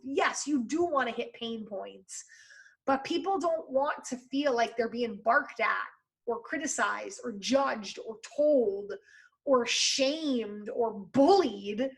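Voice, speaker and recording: A woman hosting her own podcast, giving casual and encouraging sales advice in a conversational way. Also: high-pitched. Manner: conversational and encouraging, lots of fillers. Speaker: podcast host and sales coach.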